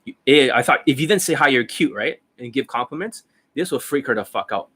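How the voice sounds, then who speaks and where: A man's voice: medium pitch, animated, a little fast, fairly bright tone, breathy edge. A man in his forties, a dating coach, explaining in a blunt, profane, demonstrative casual talk.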